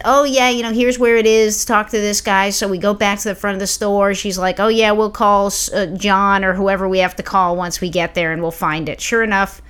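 A woman co-hosting a podcast who tells long, animated, rambling stories in casual conversation. Her voice sits at a middle pitch. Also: clear, resonant tone. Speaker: podcast co-host. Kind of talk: casual chat.

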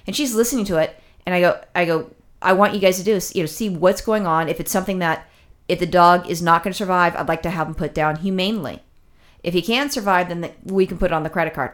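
A woman with a somewhat low voice talks at a rapid clip, spilling out a personal story in loose casual chat. She rambles, doubles back and fills gaps with "you know" as the feeling builds. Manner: rambling, with many fillers and restarts; emotional, recounting distress.

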